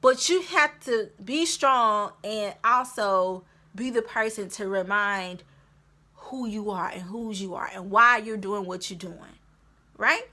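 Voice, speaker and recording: A young woman talks straight to her viewers in a motivational vlog, encouraging them and circling back to repeat her main points. Her voice is bright and forward, with a clear, ringing edge. She stays in the middle of the female range. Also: mid-range voice, slow pace. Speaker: vlogger. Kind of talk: motivational tips talk to camera.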